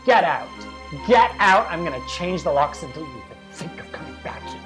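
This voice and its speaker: A scorned wife straight out of a soap opera, as a woman puts her on, throwing her partner out in an overwrought, theatrical rant. The voice sits low. It swings between hurt and fury with big stagey emphasis. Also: lively intonation, normal speed, a bit bright, soft background music. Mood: wounded, furious.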